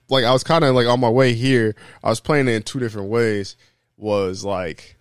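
A man's voice: medium pitch, clean tone, no room sound, studio quality. A young man co-hosting a podcast, telling a story in casual chat with lots of profanity and acted-out quotes. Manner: animated storytelling, heavy profanity, acts out quoted voices. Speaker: podcast co-host.

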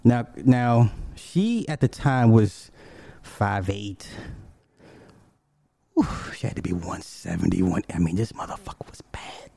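A man telling a personal story in a casual, profane, animated way, swinging from low mutters to high exclamations. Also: takes it slowly, gravelly, long pauses, no room sound.

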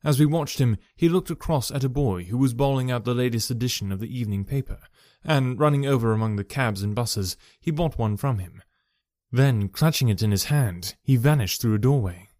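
A man narrating a classic detective story with steady storytelling. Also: medium pitch, fairly quick, no room sound, studio quality. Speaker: audiobook narrator.

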